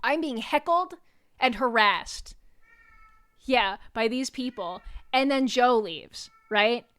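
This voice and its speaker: Young woman streamer with a slightly high, smooth voice, telling a story casually, animated and foul-mouthed. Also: takes it slowly. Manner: animated, swears freely, rambling asides. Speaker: VTuber streamer.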